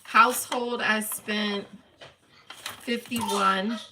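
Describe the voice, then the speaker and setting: A woman hosts a casual budgeting livestream, reading her monthly spending figures and walking viewers through them step by step. Her medium-pitched voice is fairly even and extremely slow, with a noisy background.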